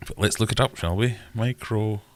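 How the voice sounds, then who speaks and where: Scottish male livestream host, low-pitched, easygoing, reads viewer chat aloud. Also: moderate pace, slight background noise. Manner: chatty, reads out viewer comments. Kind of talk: casual live Q&A chat.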